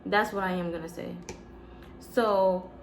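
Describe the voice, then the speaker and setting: A woman vlogger telling her own story in a casual, animated way, with emphatic repeats. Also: mid-range voice, a little slow, a little hiss or hum.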